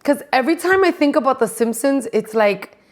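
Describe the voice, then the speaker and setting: A woman's voice: high voice, animated, a little fast. Swearing, gossipy woman podcast host. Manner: profane, gossipy, laughs often. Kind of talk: casual gossip chat.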